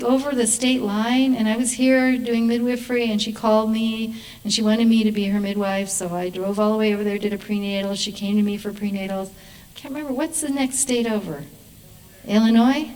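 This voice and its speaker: A woman who works as a midwife, telling lively stories to an audience in a hall and acting out the voices in them. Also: mid-range voice, distant mic. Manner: animated, acts out voices in her stories, laughs. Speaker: midwife giving a talk. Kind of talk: storytelling presentation to an audience. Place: performing arts hall stage.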